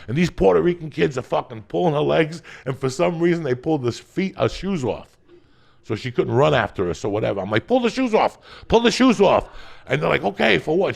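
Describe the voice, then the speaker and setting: Gravelly man telling a wild story. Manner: swings from loud shouting bursts to low muttering. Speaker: podcast guest storyteller. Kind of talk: profane comic storytelling.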